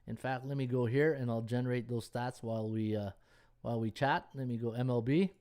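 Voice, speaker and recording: Rambling sports betting podcast host. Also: male voice, mid-range voice, steady tone, brisk, a little mellow. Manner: rambling, thinking aloud, talks to chat viewers; many fillers and restarts, checks schedules on screen. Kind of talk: casual live-stream chat.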